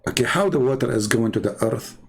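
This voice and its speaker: Gravelly, husky man mocking while drawing. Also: medium pitch, lively intonation. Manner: sarcastic, halting, many fillers and restarts. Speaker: commentator.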